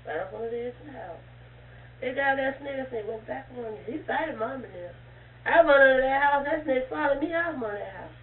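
An older woman telling a long story in a relaxed group conversation. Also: high voice, slight background noise. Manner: animated, unhurried storytelling. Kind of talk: casual storytelling. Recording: tinny, echoey recording from far off.

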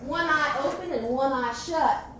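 High-pitched lady storyteller at a festival, far from the mic, noisy echoey sound. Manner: slow, dramatic telling with quiet suspense. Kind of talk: live folk storytelling. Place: festival stage. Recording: echoey distant live recording, noisy.

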